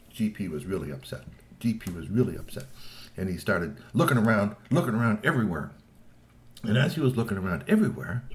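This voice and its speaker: A man's voice: fairly low pitch, reverberant. A man telling a children's story aloud, addressing the listeners directly. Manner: lively, talks to listeners directly.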